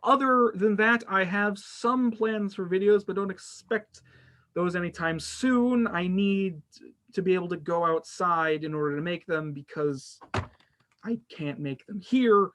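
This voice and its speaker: A man's voice: high-pitched, measured pace, a bit bright. A man hosting a casual gaming podcast, rambling and self-deprecating, with lots of fillers and restarts. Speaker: podcast host.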